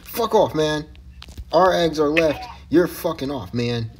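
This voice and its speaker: A man chatting casually while playing a video game, excitable and profane, often yelling at other players. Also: on the high side, normal speed, a little hiss or hum. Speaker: gamer streaming with a friend. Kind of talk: casual gaming chat.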